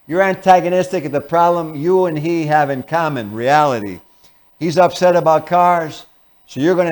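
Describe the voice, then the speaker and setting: A man hosting a talk show, giving an earnest, animated motivational lecture and acting out examples. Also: fairly high pitch. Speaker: host and lecturer.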